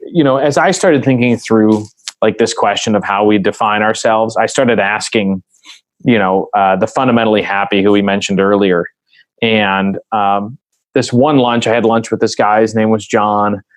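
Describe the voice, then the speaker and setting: A man's voice: lowish voice, steady tone, moderate pace, no room sound, low-quality recording. A man speaking as a podcast guest in a casual interview conversation, earnest and reflective as he tells a story.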